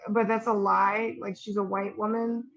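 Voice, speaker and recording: A woman's voice: mid-range voice, level tone, fairly bright tone, highs cut off. Snarky, slangy young woman. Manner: snarky, slangy, quick asides. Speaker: podcast co-host. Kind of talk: casual gossip chat.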